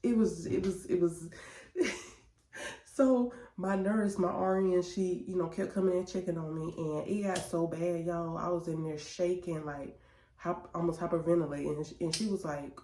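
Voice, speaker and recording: A woman telling a chatty, animated story to her viewers. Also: fairly low pitch, moderate pace, slight background noise. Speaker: vlogger. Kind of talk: casual storytelling vlog. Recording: roomy echo.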